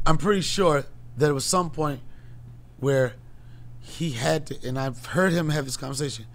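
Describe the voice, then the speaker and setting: A man hosting a comedy podcast, talking casually in low, mumbled, defensive asides. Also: moderate pace. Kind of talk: casual chat.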